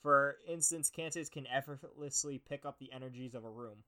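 A man's voice: mid-range voice, moderate pace, pushed and bright. A young man hosting a casual podcast, reading horoscope text aloud and mocking it with profane, sarcastic asides. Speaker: podcast host. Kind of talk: casual comedic commentary.

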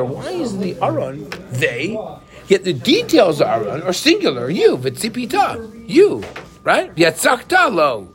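A man's voice: sits high, normal speed, crowd noise. A man teaching a Torah class who keeps asking his students questions. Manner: animated, asks the class questions.

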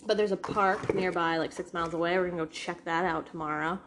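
A woman's voice: fairly low pitch, steady tone, fast talker, fairly bright tone, slight background noise. A woman with a New England accent chatting casually in a vlog, rambling with many restarts and fillers. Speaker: vlogger. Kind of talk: casual chat. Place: rented house indoors.

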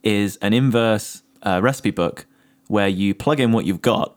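A man's voice: on the low side, a little slow. A man in a casual comedic podcast chat, laying out ideas in a dry way.

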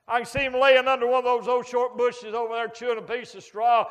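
High-voiced preacher in an echoing hall. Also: male voice, normal speed, few pauses, fairly bright tone. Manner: folksy storytelling with sound effects and humor. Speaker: traveling preacher. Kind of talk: sermon. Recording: long hall reverb.

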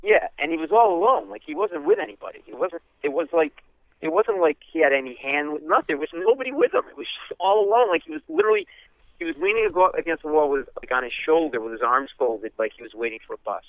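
A man comedian tells a story at a fast clip and acts out the voices in it. His voice comes through a tinny, phone-like line. It sounds dry, with no room sound. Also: on the high side, very animated, no room sound. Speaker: comedian and podcast host, guest. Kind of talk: animated comic storytelling.

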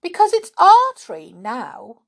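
A woman doing loud gloating goblins. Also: very high voice, wildly swooping pitch, slow pace, pitched above the performer's own voice, exaggerated voice. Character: sneering male red goblins, wicked and pushy.

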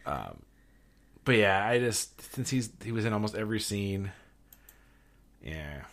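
A man's voice: on the low side, a little slow, creaky. A man co-hosting a casual movie podcast, telling stories animatedly and laughing as he talks. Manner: animated storyteller, laughs while talking. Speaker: podcast co-host.

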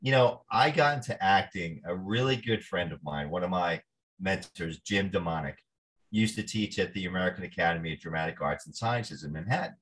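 Animated New man telling stories. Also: low-pitched, fairly quick. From New Jersey. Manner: animated storyteller, acts out quoted voices. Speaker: actor guest. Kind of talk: storytelling interview.

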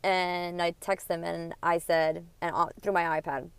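A woman's voice: on the low side, little pitch movement, a little slow, clean tone, no room sound. A woman hosting a podcast, telling a heated personal story with lots of swearing and quoted dialogue. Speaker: podcast host. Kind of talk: casual storytelling monologue.

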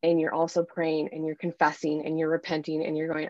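A woman's voice: deep voice, monotone, a little fast, few pauses, mellow, no echo, dull audio. A woman life coach on a podcast interview, explaining her advice earnestly and acting out little dialogues.

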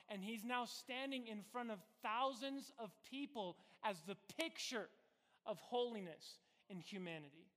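A man preaching a sermon as pastor, telling the story conversationally and swinging between loud bursts and quiet, hushed lines. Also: very high-pitched, measured pace, in a large hall.

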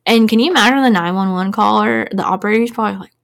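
A woman's voice: mid-range voice, fast, creaky. A woman in her thirties hosting a casual true-crime chat, talking loosely with lots of "like" and fillers. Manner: chatty, filler-heavy, "like" after every few words. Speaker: podcast host.

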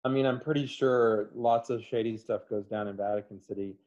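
A man's voice: fairly low pitch, fairly even intonation, a little fast, a little mellow, lo-fi sound. A man co-hosting a podcast, chatting casually and playfully, joking around. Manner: playful, jokey, slips into goofy impressions. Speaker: podcast co-host. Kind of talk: casual comedic chat.

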